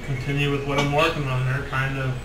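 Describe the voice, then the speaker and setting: A man's voice: mid-range voice, flat delivery, fast. A man playing a tabletop game, pressing the group with impatient questions. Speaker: player. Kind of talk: casual tabletop play. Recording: echoey room, distant mic, noise.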